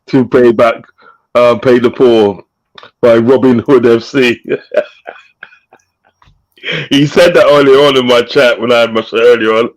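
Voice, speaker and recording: A man's voice: mid-range voice, fairly even intonation, unhurried, long pauses, rough recording. A man hosting a casual live-stream chat, reading out viewers' messages with frequent laughter. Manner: laughs often, reads out chat shout-outs. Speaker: host.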